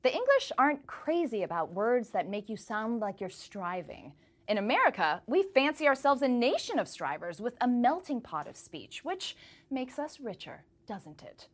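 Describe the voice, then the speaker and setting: Playful woman correspondent, lively voice. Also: a little high, moderate pace. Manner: playful, mock-British put-on accent. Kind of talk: scripted news commentary.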